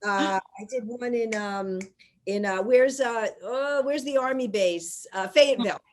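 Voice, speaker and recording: A woman's voice: on the high side, unhurried. A woman from New York hosting a casual interview, chatty and rambling, often laughing as she talks. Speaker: podcast host.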